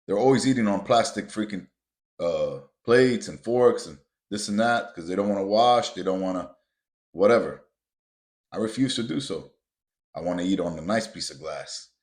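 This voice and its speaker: A man hosting a motivational podcast, talking bluntly and with a lot of profanity, often building up to loud, emphatic rants. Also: lowish voice, lively intonation, normal speed. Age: adult with children. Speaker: podcast host.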